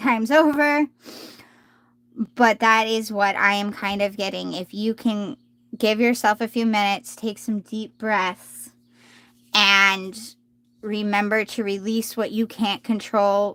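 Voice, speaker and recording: Woman, tarot reader, live stream, reassuring, rambling, bright voice, dry close sound. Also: mid-range voice, no room sound. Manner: gentle, reassuring, rambling with restarts.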